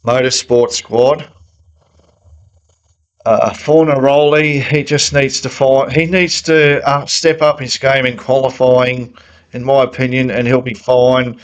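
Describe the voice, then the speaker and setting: A man's voice: mid-range voice, fairly bright tone, rough recording. A man giving a casual, opinionated motorsport analysis, thinking aloud in a conversational way. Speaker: motorsport fan commentator. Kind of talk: casual sports analysis monologue.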